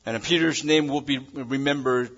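A male pastor preaching a sermon in English that is not his first language, swinging between loud emphasis and a quiet hush. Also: mid-range voice, moderate pace, lo-fi sound. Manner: non-native English phrasing.

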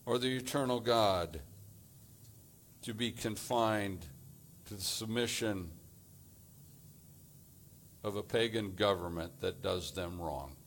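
A man preaching a sermon as pastor, deliberate and measured, delivering his points in short phrases. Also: lowish voice, a little hiss or hum.

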